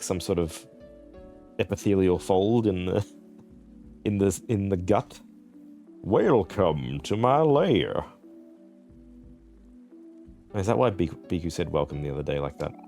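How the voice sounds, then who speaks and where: A man's voice: deep voice, darkish tone. A young Australian man streaming a video game, chatting in a rambling, laughing way with plenty of swearing. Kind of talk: casual gaming commentary.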